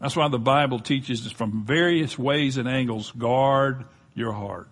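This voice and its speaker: A man's voice: mid-range voice, measured pace, slightly rough. An older man with a Southern US accent preaching a sermon, folksy and conversational, with touches of humor. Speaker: pastor.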